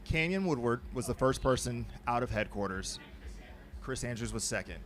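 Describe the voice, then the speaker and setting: A man's voice: medium pitch, expressive, moderate pace. Breathless man reporting from the course. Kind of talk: live race reporting.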